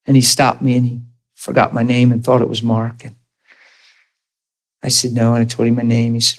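In this sermon, the preacher asks the congregation one rapid question after another, then sinks into gentle, low narration. He stays animated, pushing up to high, forceful questions aimed at the listeners.

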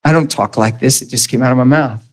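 A man with a medium-pitched voice talks at a quick pace, preaching an informal sermon to a Bible school class. He's earnest and emphatic, laughs often, jokes with the class, asks the room questions, and acts out quoted voices.

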